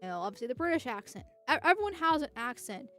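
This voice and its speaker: A woman's voice: high voice, sing-song, fast talker, a bit bright, soft background music. A young woman from the United States talking casually on a livestream, rambling and chatty with lots of restarts and laughs. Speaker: political streamer.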